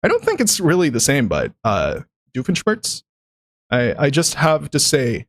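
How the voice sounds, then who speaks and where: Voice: mid-range voice, huge pitch swings, moderate pace, no echo. A streamer in casual chat about voice acting, rambling and chatty with many fillers.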